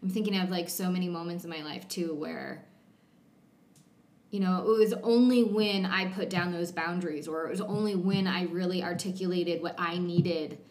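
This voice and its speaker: Lady host, lowish voice, thoughtful and encouraging, echoey room. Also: steady tone, moderate pace. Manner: affirming, thoughtful, searching for words. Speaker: podcast host, interviewer. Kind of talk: reflective interview talk. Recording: roomy echo.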